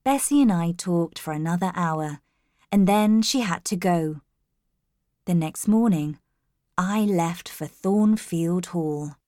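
A woman narrating a first-person story in a calm, measured reading voice. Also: on the low side, no echo, studio quality.

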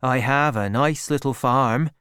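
A man's voice: mid-range voice, unhurried, clean tone, no room sound, clean studio sound, lightly acted. A man reading an earnest young shepherd. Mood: earnest pleading. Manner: earnest, gentle, pleading. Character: earnest young male shepherd farmer, pleading in love.

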